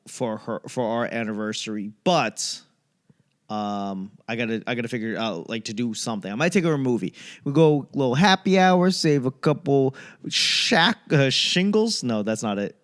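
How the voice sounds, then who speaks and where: A young man hosting his own comedy podcast, rambling through a casual monologue and acting out other people in quick bits. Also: medium pitch, a bit bright. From United States. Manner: acts out voices in quick bits.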